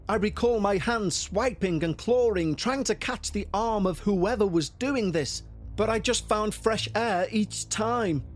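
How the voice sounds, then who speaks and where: A man reads a first-person horror account in a fairly high voice, with soft music running underneath. His delivery stays tense and measured, and his pitch climbs when the story grows frightening. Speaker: narrator. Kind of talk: scripted horror narration.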